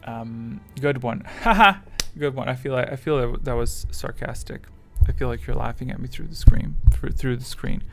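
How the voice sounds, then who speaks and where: A man's voice: mid-range voice, moderate pace, creaky, over music. A man chatting casually with his live chat as a streamer, rambling and self-deprecating, with English that is not his first language.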